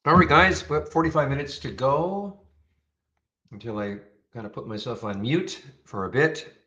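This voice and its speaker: A man hosts a live day-trading room, chatting casually and thinking aloud, often restarting his sentences mid-thought. His mid-range voice moves at a moderate pace with a sharp tone. The live-stream audio sounds slightly dull and lo-fi.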